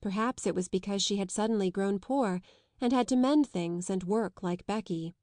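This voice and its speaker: A woman narrating a classic children's novel in a measured, even reading. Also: medium pitch, no echo, studio quality. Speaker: audiobook narrator.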